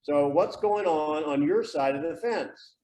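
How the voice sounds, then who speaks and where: A man's voice: fairly high pitch, measured pace, mellow, far from the mic. A man coaching real estate agents at a live training seminar, asking blunt, pushy questions. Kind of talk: live training seminar, running role-plays. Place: training room with a group. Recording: echoey room, voice from afar.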